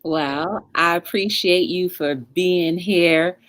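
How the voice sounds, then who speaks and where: A woman hosting a casual online interview show, speaking in an encouraging, unhurried way with plenty of "um"s. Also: on the low side, fairly bright tone. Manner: encouraging, filler-heavy, drawn-out phrasing. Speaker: talk show host.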